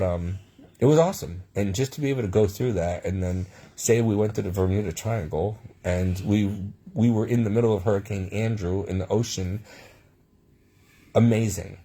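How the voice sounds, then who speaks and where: Man, low mellow voice, rambling personal storyteller, many asides. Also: slightly rough. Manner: rambling, with frequent restarts and asides.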